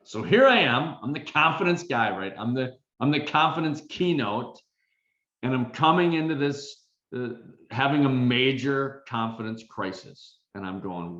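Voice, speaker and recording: A middle-aged man, a confidence coach, telling a self-deprecating story in an animated way with many fillers. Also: mid-range voice, moderate pace. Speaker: confidence coach and keynote speaker. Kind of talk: storytelling talk. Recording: roomy, dull recording.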